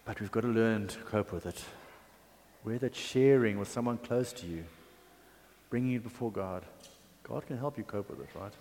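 A man's voice: on the low side, normal speed, long pauses, a little mellow, a little hiss or hum. A man preaching a sermon in a conversational, chatty way, with asides and fillers. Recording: long hall reverb.

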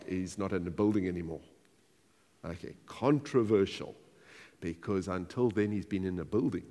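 A man preaching a sermon as pastor, animated and emphatic, repeating key phrases for weight. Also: lowish voice, moderate pace, big-room sound.

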